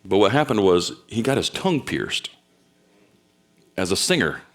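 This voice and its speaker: A young man preaching a sermon, telling stories with loud bursts and quiet asides. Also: lowish voice, big pitch swings, normal speed. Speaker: pastor.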